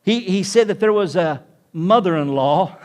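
A man's voice: high voice, animated, moderate pace, darkish tone. A man preaching as a pastor to a congregation, with emphatic rising peaks in his delivery. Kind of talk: sermon. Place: church room with congregation.

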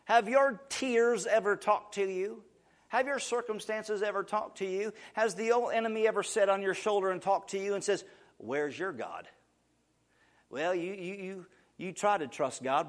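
A man preaching a sermon to his congregation, repeating words as he builds emphasis and swinging between quiet asides and loud proclamations. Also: high voice, normal speed. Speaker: pastor.

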